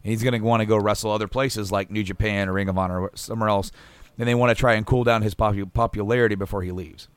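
A man's voice: fairly low pitch, fairly even intonation, quick pace, clear, resonant tone, no room sound. A man co-hosting a casual podcast chat, rambling with restarts, laughing often and swearing casually. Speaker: podcast co-host.

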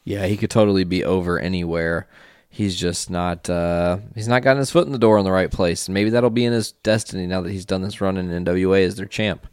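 A man co-hosting a casual podcast chat, dropping quick wry remarks. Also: low-pitched, a little mellow, clean tone, dry recording, clean studio sound. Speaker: podcast co-host.

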